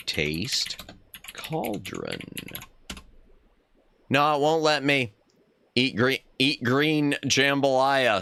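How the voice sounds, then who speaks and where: Male streamer, chatty play-along commentary, bright tone, lively unhurried delivery. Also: medium pitch, gravelly, a little hiss or hum. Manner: chatty, thinks aloud, reads game text aloud. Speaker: streamer playing a retro adventure game. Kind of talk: casual live-stream commentary.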